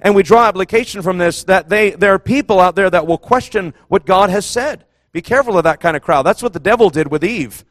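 Fervent high-voiced male preacher. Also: fairly quick, few pauses, no room sound, studio quality. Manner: impassioned and emphatic, repeating phrases, surges to shouts. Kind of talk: fervent sermon.

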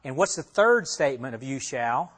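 A man's voice: medium pitch, big pitch swings, moderate pace, a bit bright. A man teaching a Bible passage as a pastor, conversational, asking his listeners questions and repeating himself as he talks it through. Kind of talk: expository sermon.

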